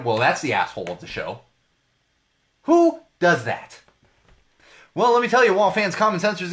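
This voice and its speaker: A man's voice: high-pitched, a bit bright. A man hosting a podcast live stream, ranting about the news in a profane, heated way and repeating phrases for emphasis. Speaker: podcast host. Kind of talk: solo live-stream rant. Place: small home studio.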